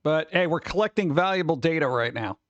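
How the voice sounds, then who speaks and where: A man's voice: fairly high pitch, animated, fairly quick, a bit bright, no room sound, lo-fi sound. Rambling man hosting a casual livestream. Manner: rambling, exclaims and grumbles at tech trouble. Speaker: livestream host. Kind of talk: casual live-stream chat.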